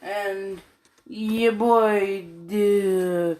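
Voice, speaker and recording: A woman's voice: medium pitch, steady tone, drawn-out words, darkish tone. A tired woman rambling casually in slang and swearing as she retells a fan story late at night.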